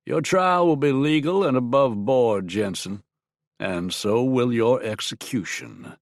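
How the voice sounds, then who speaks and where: A man voicing a stern, scheming army colonel in an audiobook, with a sharp, strident, clipped delivery. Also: medium pitch, expressive, creaky, no echo, studio quality, pitched above the performer's own voice. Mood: cold. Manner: cold, clipped, deliberate. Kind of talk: audiobook character voice.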